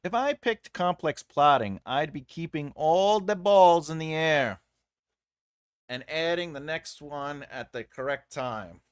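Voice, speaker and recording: A man hosting a casual livestream, teaching fiction writing in an animated, jokey way that sometimes trails off into mumbles. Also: a little high, unhurried, smooth, dry recording, studio quality. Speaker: writing coach and livestream host.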